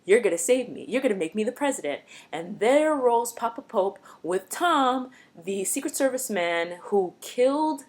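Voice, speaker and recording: A woman vlogger giving a casual, expressive recap of a TV episode, chatty and blunt. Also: on the high side, moderate pace, hardly any pauses.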